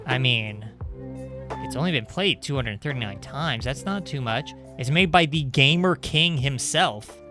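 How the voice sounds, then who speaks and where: A young man streaming indie games, chatting casually and sarcastically while reading the game's text aloud. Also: on the high side. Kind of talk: casual live-stream commentary.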